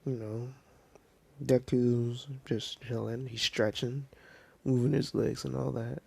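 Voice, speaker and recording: A man casually telling a fan story off the cuff, rambling with lots of fillers, dropping into soft whispers now and then. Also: medium pitch, fairly even intonation, unhurried, gravelly, husky.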